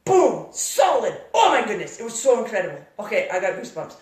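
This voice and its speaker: A woman giving a workshop talk to a live audience, telling a story in a lively, exclamatory way. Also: medium pitch, a little fast. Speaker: workshop speaker. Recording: echoey room, voice from far off.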